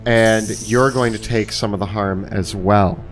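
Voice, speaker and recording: A man running a tabletop game as game master, with measured, descriptive narration. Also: lowish voice, fairly even intonation, soft background music.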